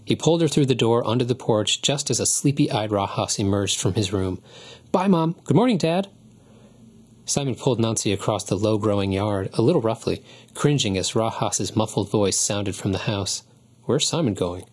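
A man with a low voice narrates an audiobook in a calm, even way. His tone is husky and a little breathy throughout. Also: normal speed.

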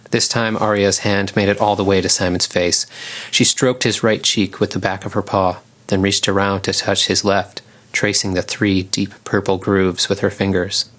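A man with a fairly low voice reads an audiobook story, calm and measured, steady from line to line. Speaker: narrator. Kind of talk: audiobook narration.

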